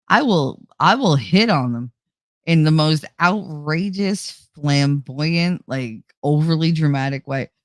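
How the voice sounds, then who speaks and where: A woman's voice: low voice, no echo, studio quality. A woman hosting a casual livestream chat, talking candidly and confidingly, swearing freely and laughing often. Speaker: livestream host.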